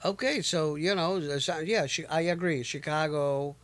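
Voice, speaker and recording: A man's voice: fairly high pitch, moderate pace, a bit bright. A man hosting a radio show, chatting loosely with a guest, interjecting and laughing. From New York. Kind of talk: casual interview chat.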